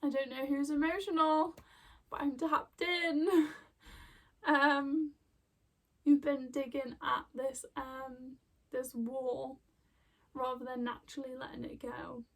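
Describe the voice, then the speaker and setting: A woman doing an intuitive card reading rambles through a casual spiritual session, full of fillers, restarts and heartfelt emotion. Her high, fairly bright voice moves little in pitch, and she speaks slowly with frequent pauses, a bit far from the mic.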